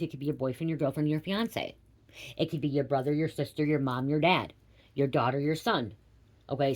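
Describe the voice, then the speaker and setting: A woman giving a spiritual reading, rambling and swearing casually, ending almost every sentence with a quick "okay?". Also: extremely low pitch, darkish tone. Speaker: tarot reader.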